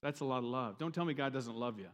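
A pastor preaching a sermon to his congregation, emphatic and questioning, with dramatic swings in pitch. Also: fast, a bit bright.

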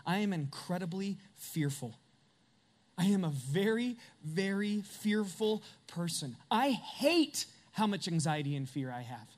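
A middle-aged man preaching a sermon as pastor, earnest and confessional, building to emphatic peaks. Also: sits high.

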